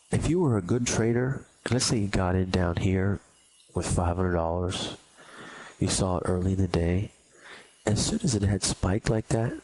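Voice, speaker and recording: A man's voice: low voice, darkish tone. A man teaching a recorded trading lesson, blunt and emphatic, hammering his points home by repeating them. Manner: acts out anxious beginners in mock quotes. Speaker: trading instructor.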